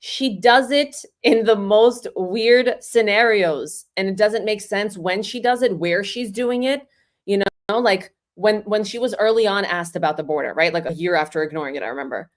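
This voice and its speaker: A woman's voice: mid-range voice, normal speed. A woman whose first language is Russian, a guest on a livestream chat, telling stories animatedly and acting out what people said. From New York area. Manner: animated storyteller who acts out quotes. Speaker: guest impressionist.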